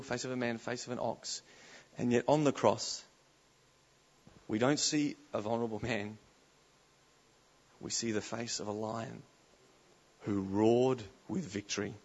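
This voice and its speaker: A male preacher delivering a sermon, his delivery swinging between hushed storytelling and sudden loud declarations. His voice sits at a medium pitch, and the live recording sounds a little dull and muffled. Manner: animated, swings from soft to loud exclamations. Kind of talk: conference sermon.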